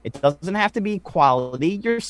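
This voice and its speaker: Animated man hosting a podcast. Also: sits high, normal speed. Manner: animated, swearing, excitable. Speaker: podcast co-host. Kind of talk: casual chat.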